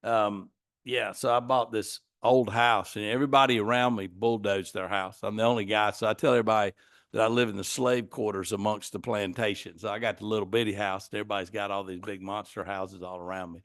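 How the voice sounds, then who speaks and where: A man's voice: on the low side, steady tone, fairly quick, fairly bright tone, no room sound, clean studio sound. A man with a Southern US accent, a podcast guest chatting casually in an easygoing way. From Atlanta area, US South. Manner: easygoing, laughs at his own jokes. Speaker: guest, mortgage broker. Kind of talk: casual chat.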